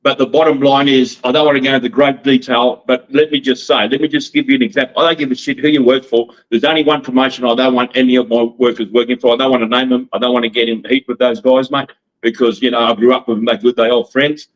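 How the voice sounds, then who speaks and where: A man's voice: medium pitch, little pitch movement, quick pace. A brash, fired-up Australian man, a wrestling promoter guesting on a podcast, swearing freely and laughing often. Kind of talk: casual podcast interview. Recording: dull lo-fi sound.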